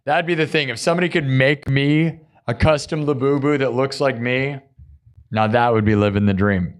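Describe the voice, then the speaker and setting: A man's voice: mid-range voice, steady tone, normal speed, clear, resonant tone. A man hosting a live music stream, chatting casually with viewers, laughing often and acting out quotes.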